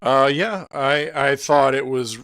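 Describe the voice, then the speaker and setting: A man co-hosting a casual movie review podcast, talking in a relaxed, easygoing way. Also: medium pitch, takes it slowly. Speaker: podcast co-host.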